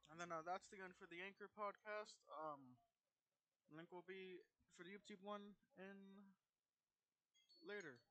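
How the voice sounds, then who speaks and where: A man's voice: sits high, steady tone, measured pace, pauses often, bright, forceful tone. A teenage boy hosting a podcast, telling rambling, profane stories and acting out the people in them. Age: teens. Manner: rambling, profane, acts out quoted voices. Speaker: podcast host. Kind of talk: casual storytelling chat.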